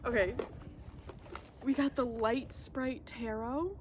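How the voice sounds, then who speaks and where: A woman vlogger unboxing tarot decks outdoors, gasping and halting, overwhelmed with delight. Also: sits high, sing-song, a little hiss or hum. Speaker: vlogger opening tarot mail. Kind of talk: casual unboxing chat. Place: outdoors at a table on a windy day.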